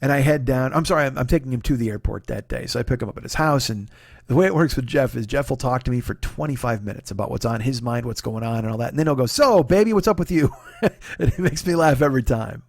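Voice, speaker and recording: A man's voice: medium pitch, fast, gravelly, dry recording, studio quality. A man in his forties hosting a solo comedy podcast, telling a long, rambling and profane personal story that he keeps restarting and apologizing for. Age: 40s. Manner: profane, rambling, candid and confessional.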